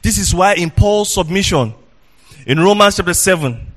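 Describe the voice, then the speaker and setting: A man preaching a sermon as pastor, in a sing-song, animated delivery, questioning his congregation and at times shouting for emphasis. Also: high voice, normal speed.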